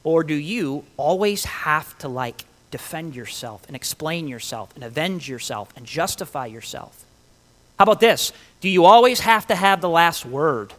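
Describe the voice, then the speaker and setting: A man preaching a sermon, emphatic and animated, with rhetorical questions and dramatic pauses. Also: a little high. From Italian heritage.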